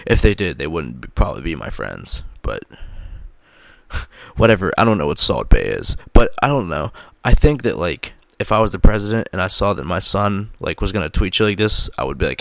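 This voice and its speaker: A man with a very low, creaky voice talks straight into a close microphone. His commentary is casual and loose, packed with filler words and swearing. The sound is dry and close, with no room around it. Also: sing-song, moderate pace, fairly bright tone, no echo. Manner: profane, filler-heavy, laughs at own jokes. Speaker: vlogger.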